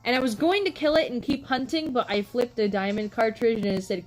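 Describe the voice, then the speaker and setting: Chatty young woman streamer, high-pitched. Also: brisk, faint music behind, poor audio. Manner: chatty storytelling, frequent "like" and "um" fillers. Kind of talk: casual live-stream chat.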